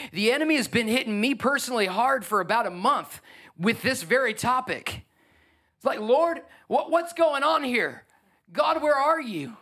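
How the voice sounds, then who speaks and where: A man preaching a lively sermon as pastor, acting out the voices of biblical figures. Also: very high voice.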